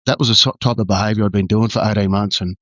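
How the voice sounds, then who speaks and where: An Australian man, a former undercover detective, tells his story candidly in a halting way full of restarts and fillers. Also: lowish voice, steady tone, a bit bright, no echo, dull audio.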